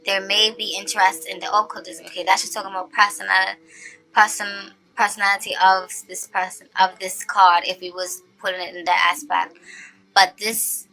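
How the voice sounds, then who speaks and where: A woman giving a casual tarot reading to her viewers. She is chatty and animated, often checks in with "okay?", and slows down to stress her points. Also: medium pitch. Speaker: tarot reader.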